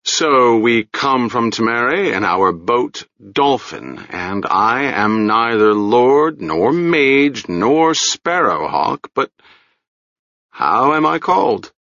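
A man voicing a calm, wry, middle-aged wizard in a storybook reading, easygoing and gently teasing. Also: medium pitch, slow, no echo, muffled recording, full character voice.

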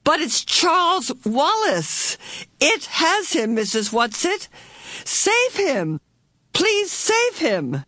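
Lady reading a shrill desperate teen girl, way up high, begging hard, dry close mic. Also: animated, normal speed, hardly any pauses, bright, forceful tone, dry recording, exaggerated voice. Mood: pleading. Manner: cries out in pleading bursts. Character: desperate young teen girl, pleading and frantic.

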